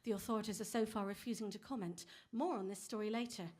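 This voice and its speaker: A woman voicing a deadpan newsreader, reading in a flat, formal, low and quiet delivery at a live gig. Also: fast, natural voice. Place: live bookshop coffee house stage.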